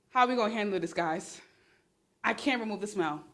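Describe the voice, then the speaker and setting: A woman hosting a casual livestream on her phone, talking in a sarcastic, exclamatory and animated way. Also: mid-range voice, a little fast. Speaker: livestream host.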